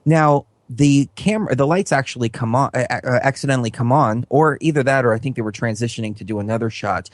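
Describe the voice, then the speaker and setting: A man's voice: medium pitch, quick pace, few pauses, no room sound. A man appearing as a guest on a radio talk show, explaining a theory in an earnest, rambling way. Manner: earnest, rambling, many fillers and restarts.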